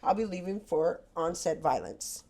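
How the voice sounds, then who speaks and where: Brief: middle-aged woman, low-pitched, blunt and candid, casual guest chat. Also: lively intonation, moderate pace, crowd noise. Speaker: podcast guest.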